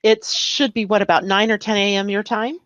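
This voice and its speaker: A woman hosts a casual live chat in an upbeat, easy way, often laughing. Her voice sits at a middling pitch. The sound is dry and a little dull. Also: level tone, brisk, a bit bright, dry recording. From US West Coast. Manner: chatty, upbeat, laughs easily. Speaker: host.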